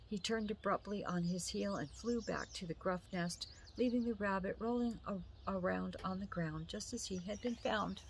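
A woman reading a children's story aloud slowly and gently. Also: medium pitch, gravelly, a little hiss or hum.

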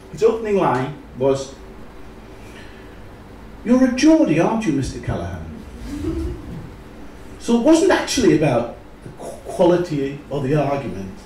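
A middle-aged man with a North East English accent from Sunderland gives a talk to a live audience, wry and animated as he tells stories. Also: a little high. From North East England. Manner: animated storyteller with wry humour. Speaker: business leader giving a talk. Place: large echoey room at a live event. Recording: echoey room, voice from far off, faint noise.

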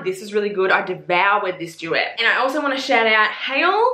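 Sweary, excitable woman book vlogger. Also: mid-range voice, a little fast. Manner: blunt, sweary, excitable and chatty. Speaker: book reviewer. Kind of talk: casual book recommendation vlog. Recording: roomy echo.

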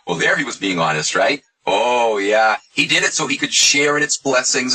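A man's voice: lowish voice, expressive, moderate pace, pushed and bright, breathy edge, poor audio. A man hosting a casual monologue video, talking in a sarcastic, mocking way. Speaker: video host.

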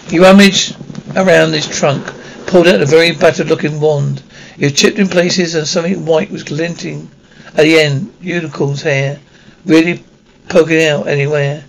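A man's voice: fairly high pitch, fairly even intonation, normal speed, gravelly, slight background noise, low-quality recording. A man reading a children's novel aloud, stumbling and restarting words often. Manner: reads with frequent slips and restarts. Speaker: audiobook reader.

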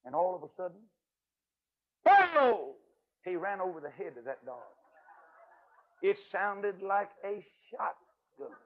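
An older man, an evangelist preacher, telling a folksy, emphatic story in a sermon, his voice swinging from loud to hushed. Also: sits high, lively intonation, a little slow, long pauses. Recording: tinny radio broadcast audio.

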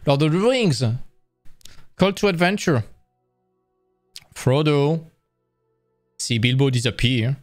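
A man's voice: fairly high pitch, lively intonation, slow pace, long pauses, no echo, studio quality, soft background music. A man presenting a live-streamed lecture, explaining in a casual, enthusiastic way with frequent restarts.

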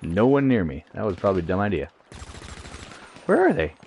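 A male streamer gives loose, jokey commentary while he plays, cursing and chatting to himself and his teammates. His pitch leaps up and down constantly, and faint gunfire from the game sits underneath. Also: huge pitch swings, brisk, darkish tone, a little hiss or hum. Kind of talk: live gameplay commentary.

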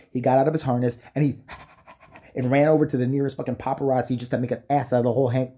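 Dark, husky-voiced man ranting profanely. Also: medium pitch, fairly even intonation, fast talker. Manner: profane, mocking, does exaggerated impressions. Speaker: comedic commentator. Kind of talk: ranting comedic commentary.

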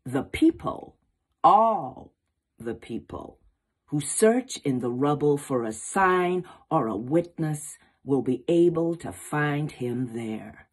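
A woman's voice: deep voice, lively intonation, slow pace, a little mellow, slightly rough, exaggerated voice. A woman putting on an American accent to voice an impassioned male writer in a rhythmic, rousing recitation.

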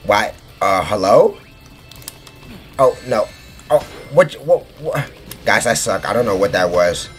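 A man in his twenties giving excitable let's play commentary, shrieking in delight and saying bro constantly. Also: lowish voice, slow pace, long pauses, soft background music. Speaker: gaming YouTuber.

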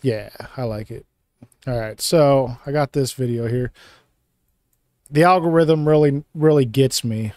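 A man's voice: medium pitch, measured pace, long pauses, darkish tone, no echo. Male podcast co-host, casual and rambling, dry close sound. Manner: rambling, loose and joking. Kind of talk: casual chat.

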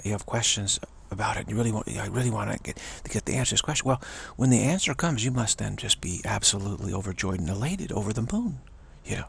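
A man giving an earnest spiritual pep talk as a teacher, halting and repeating himself as he goes. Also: medium pitch, creaky, fairly bright tone, husky. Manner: earnest, repetitive, halting with restarts.

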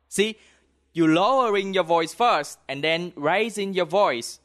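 A man with a Southern Vietnamese accent teaching a language lesson, modelling words slowly and having the listener repeat after him. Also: high-pitched, expressive, a bit bright. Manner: models words slowly, then prompts repetition. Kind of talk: slow spoken language lesson.

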